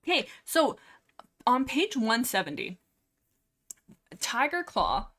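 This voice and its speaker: A woman's voice: a little high, takes it slowly. Rambling Canadian woman streamer. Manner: rambling and excitable, lots of fillers and restarts. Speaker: livestream host. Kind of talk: casual book discussion livestream.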